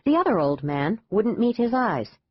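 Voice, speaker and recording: A woman narrating a thriller audiobook in an even, measured reading. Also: medium pitch, breathy edge, dry recording. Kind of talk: scripted narration. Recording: dull dry lo-fi audiobook.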